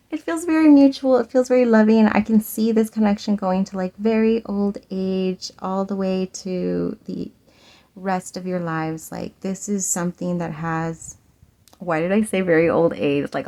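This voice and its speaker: A young woman giving a casual pick-a-card tarot reading, chatty and full of "like" and "um", laughing often and trailing off softly at the ends of phrases. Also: medium pitch, gravelly. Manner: uneven loudness, trails off soft at phrase ends. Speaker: tarot reader.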